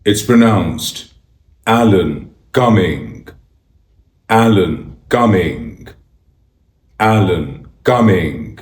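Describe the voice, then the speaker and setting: Man, pronunciation tutorial, very slow and deliberate, low voice, echoey room. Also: expressive. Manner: slow, deliberate repetition of a name.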